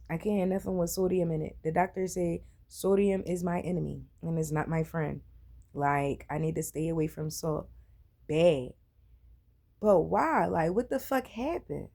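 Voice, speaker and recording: A woman with a notably low, deep voice tells her story to camera in a casual, blunt way. She swears constantly and gets animated as she talks. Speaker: vlogger telling her own health story; mother.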